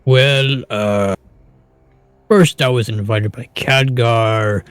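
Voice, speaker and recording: A man's voice: mid-range voice, steady tone, extremely slow, clear, resonant tone, no echo. A man playing an ogre character in a tabletop role-play game, speaking in an easygoing, plain way. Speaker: player.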